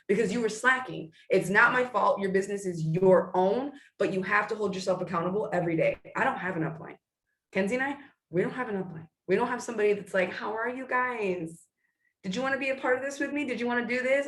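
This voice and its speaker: A woman in her thirties giving a casual, blunt motivational talk to her sales team, talking fast with many restarts. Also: lowish voice, fairly bright tone, echoey room, recorded from a distance. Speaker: direct sales team leader. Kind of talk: casual live video pep talk.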